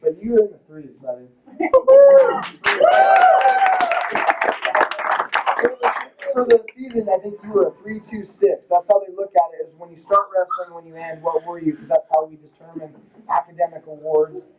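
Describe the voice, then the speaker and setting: High-voiced coach, casual banquet speech. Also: male voice, fairly quick, a loud crowd, rough recording. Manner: casual, rambling, joking with the audience. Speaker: wrestling coach. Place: lodge hall banquet.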